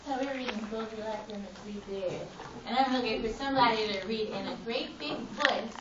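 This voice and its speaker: A woman's voice: a little high, fairly quick, a crowd in the background. A woman teaching a class, giving firm directions to pupils and reading a story aloud. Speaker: elementary school teacher. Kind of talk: classroom instruction and read-aloud. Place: echoey classroom. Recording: far-off, echoey, muffled, with loud noise.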